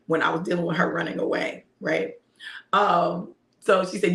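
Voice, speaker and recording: A woman's voice: fairly low pitch, steady tone, moderate pace, fairly bright tone. A middle-aged woman who preaches, telling a family story in a casual, heartfelt way and laughing often. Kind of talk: casual motivational talk. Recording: roomy echo.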